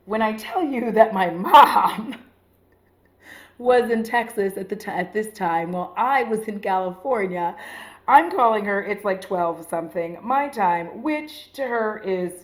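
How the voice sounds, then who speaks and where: A woman's voice: medium pitch, lively intonation, takes it slowly. Chatty woman telling a dating story. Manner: chatty, swears freely, acts out quoted voices; frequent filler "like". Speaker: beauty vlogger. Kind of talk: casual storytelling while getting ready. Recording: roomy echo.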